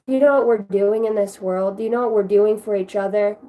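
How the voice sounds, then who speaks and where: A woman's voice: mid-range voice, fairly even intonation, a little fast, dark tone. A woman giving a casual livestream card reading, chatty and effusive, swearing freely as she talks to her viewers. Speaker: tarot reader.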